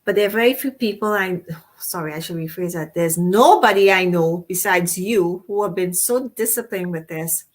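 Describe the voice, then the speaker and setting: Effusive rambling talk-show woman, lowish voice. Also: normal speed. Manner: effusive, rambling, with frequent restarts. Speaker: co-host. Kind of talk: casual talk show chat.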